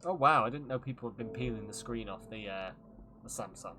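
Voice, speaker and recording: A man's voice: medium pitch, brisk, sharp tone, a little hiss or hum. A man casually commenting while streaming a game, rambling and joking with frequent laughs. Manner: rambling, jokey, laughs often.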